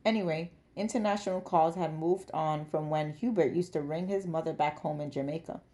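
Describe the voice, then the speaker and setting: A woman hosting a book podcast, reading a novel aloud in a measured, expressive storytelling manner. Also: deep voice. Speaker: book club podcast host.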